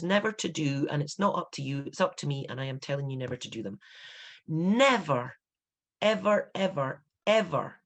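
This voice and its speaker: A Scottish woman in her fifties, an author giving an instructive talk to writers, emphatic and animated, with bursts of indignation. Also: low voice. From Scotland. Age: 50s.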